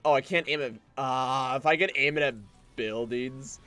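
A man's voice: moderate pace, sharp tone, clear, resonant tone, soft background music. Sarcastic man streaming a game. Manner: sarcastic, swears, swings into goofy squeaky exclamations. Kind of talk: casual gameplay commentary.

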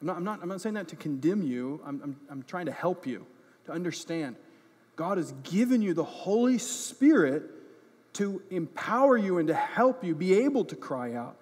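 A man's voice: high voice, sing-song, normal speed, darkish tone, husky. Impassioned male pastor in an echoey hall. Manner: impassioned, repeats words when stressing a point. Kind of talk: sermon. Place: church.

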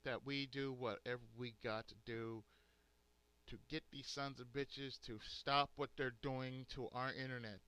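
In a mid-range, level voice, a gaming host rants at his subscribers, unhurried but angry, cursing and leaning hard on his words. His tone is sharp, clear and resonant.

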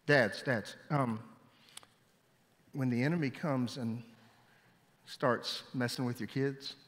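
A man preaching a sermon, telling stories with lively delivery and raising his voice when he quotes people. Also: medium pitch, takes it slowly. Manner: animated storytelling, voice jumping up for quoted shouts. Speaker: pastor. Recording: long hall reverb.

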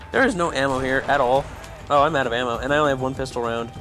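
A young man doing loud, excitable let's play commentary, swearing and yelling at the game. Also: mid-range voice, fast, soft background music. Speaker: gamer.

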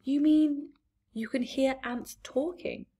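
A woman's voice: high voice, fairly even intonation, slow pace, dark tone, pitched above the performer's own voice. A woman reading an eager, polite young girl in a storybook. She asks curious questions with wide-eyed interest.

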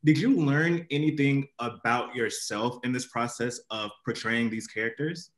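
A man's voice: medium pitch, moderate pace, a bit bright. A man interviewing guests over a video call in a chatty way, with lots of fillers. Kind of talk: casual interview. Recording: roomy echo.

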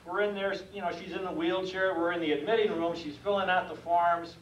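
Older man with a high voice, telling comic stories. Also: a little fast, muffled recording. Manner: folksy, animated, acts out the scenes. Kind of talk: stand-up comedy storytelling. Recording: echoey room heard from a distance with faint noise.

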